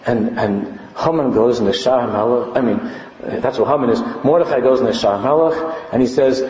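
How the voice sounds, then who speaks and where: A man's voice: medium pitch, normal speed. Man preaching in an echoey hall. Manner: animated, rising to impassioned preaching. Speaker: rabbi. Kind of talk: sermon on Purim. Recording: echoey hall, dull lo-fi sound with faint background noise.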